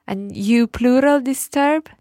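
A woman's voice: on the high side, darkish tone, no echo. Encouraging woman co-teacher, dry sound. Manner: encouraging, confirms answers briskly. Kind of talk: language lesson dialogue.

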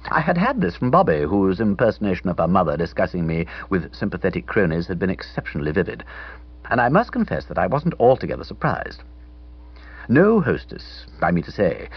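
A male narrator reads a comic first-person story in a wry, theatrical style, his low voice swinging widely in pitch. The tone is somewhat husky, and the recording sounds dull and lo-fi. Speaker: audiobook narrator.

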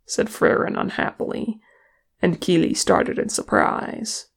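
A woman reading a fan fiction chapter aloud as an audiobook, with steady, unhurried narration. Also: on the low side, gravelly, husky. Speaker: audiobook reader.

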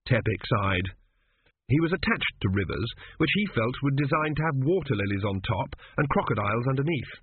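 A man's voice: medium pitch, animated, a little fast, breathy edge. A man reading an audiobook in a dry, wry storytelling manner. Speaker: audiobook narrator. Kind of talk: scripted narration. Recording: dry tinny phone-like sound.

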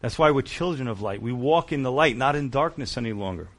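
A man preaching a sermon, reading verses aloud and explaining them with emphatic, animated asides. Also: medium pitch, fairly quick. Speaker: pastor.

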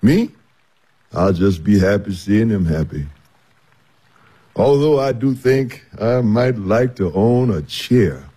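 An actor playing an easygoing older household servant who chuckles often and talks in a folksy way. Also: male voice, on the low side, expressive, slow pace, long pauses, mellow, husky, heavily acted.

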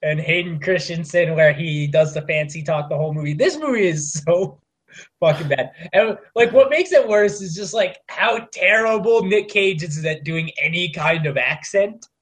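A man's voice: on the high side, normal speed. A young man co-hosting a podcast, ranting in casual, profane chat about bad movies. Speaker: podcast co-host.

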